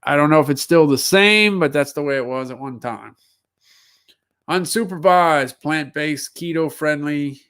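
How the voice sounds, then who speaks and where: A man's voice: a little high, a little slow, a bit bright, clear, resonant tone. A man hosting a casual solo livestream, musing aloud as he reads down a list of product listings. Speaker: livestream seller host.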